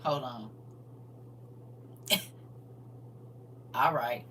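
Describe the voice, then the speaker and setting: A woman hosting a livestream, chatting casually with her viewers in a churchy, testifying tone, expressive and laughing often. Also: a bass voice, very slow, distant mic, a little hiss or hum. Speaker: livestream host reading viewer comments.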